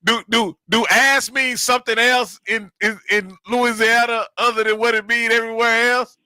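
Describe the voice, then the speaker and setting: A man's voice: extremely high pitch, little pitch movement, moderate pace, bright, forceful tone, clean tone, dry recording. A man hosting a casual sports chat, conversational and emphatic.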